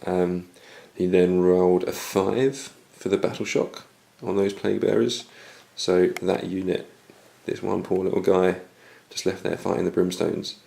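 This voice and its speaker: A man recapping his turn in a tabletop wargame battle report, going hoarse as he loses his voice. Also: sits low, unhurried, hardly any pauses. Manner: steady recap of dice results. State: losing his voice. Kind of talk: casual battle report commentary.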